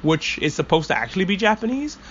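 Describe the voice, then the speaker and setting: Male podcast host, casual and profane, a rambling fan with a somewhat high voice; muffled mic, light hiss. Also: big pitch swings, quick pace, a bit bright. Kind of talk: casual anime discussion.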